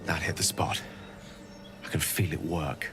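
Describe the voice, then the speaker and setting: A wry, eloquent wizard. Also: male voice, extremely low pitch, level tone, measured pace, music in the background. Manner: courtly, articulate, wry.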